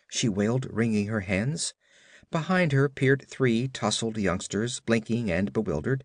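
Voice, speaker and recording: A man giving expressive, dramatic audiobook narration of a pulp adventure. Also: fairly low pitch, a little slow, dry recording, studio quality.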